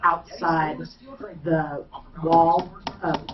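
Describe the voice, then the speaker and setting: A woman's voice: low voice, level tone, extremely slow, far from the mic, crowd noise. Chatty blunt woman, off mic. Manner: chatty, blunt, laughs along. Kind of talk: casual radio chat. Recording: muffled studio, off mic.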